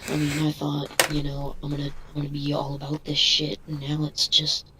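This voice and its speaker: A man's voice: on the high side, normal speed, heavy background noise. A man chatting casually on an online voice call, crude and sarcastic. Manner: crude, sarcastic, flat delivery. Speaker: guest.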